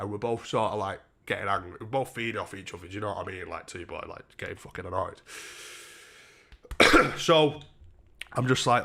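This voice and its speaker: A man's voice: on the low side, normal speed. A young man on a home live stream, telling a rambling, sweary story with lots of restarts. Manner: sweary, rambling, restarts a lot, animated when quoting. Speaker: livestreamer. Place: home kitchen.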